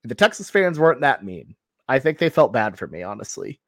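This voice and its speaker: A man's voice: mid-range voice, big pitch swings, fairly quick, fairly bright tone, no echo, studio quality. A young man hosting a podcast in casual chat, hedging with lots of fillers as he steers the talk. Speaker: podcast host.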